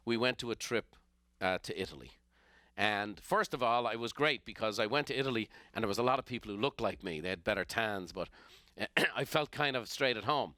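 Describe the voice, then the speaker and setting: A middle-aged Irish man from Ireland, a business coach who hosts a podcast, tells an animated motivational story and acts out the characters in it. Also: mid-range voice, dry recording, clean studio sound.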